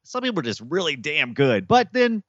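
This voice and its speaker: A man co-hosting a gaming podcast, chatting in an animated way, laughing easily and stumbling over restarts. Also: a little high, normal speed, no echo, muffled recording. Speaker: podcast co-host. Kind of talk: casual chat.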